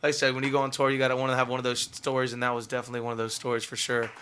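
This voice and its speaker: A man's voice: medium pitch, completely flat delivery, racing, very noisy. A man, a musician guest on a radio show, telling a story casually and animatedly, full of fillers and laughter.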